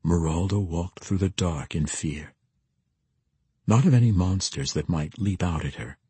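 A man narrating a fantasy audiobook in a steady, measured way. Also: low voice, husky, no room sound.

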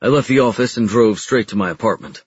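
A man reads a first-person audiobook in a low, husky voice, telling it plainly and matter-of-factly. The recording is dry and somewhat dull. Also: fast, dry recording. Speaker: narrator.

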